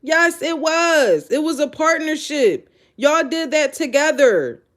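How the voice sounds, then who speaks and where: A woman hosting a show, giving blunt, animated, incredulous reaction commentary straight to her audience. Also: high voice, slow. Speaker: show host. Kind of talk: casual live reaction commentary.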